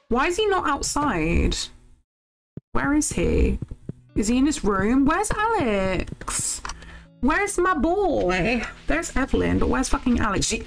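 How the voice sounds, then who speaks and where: A woman's voice: on the low side, a bit bright. A young woman streaming a farming game, chatting casually with her viewers and swearing freely as she plays.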